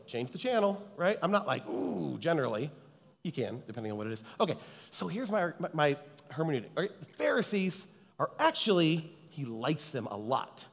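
Animated preacher man in a reverberant hall. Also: a little high. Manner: chatty, teasing, constantly checks in with the audience. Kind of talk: conversational sermon.

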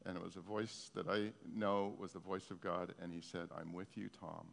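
A man's voice: low-pitched, little pitch movement, normal speed, creaky. A man preaching a sermon, telling stories in an earnest, heartfelt way. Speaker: pastor. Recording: long reverb of a hall.

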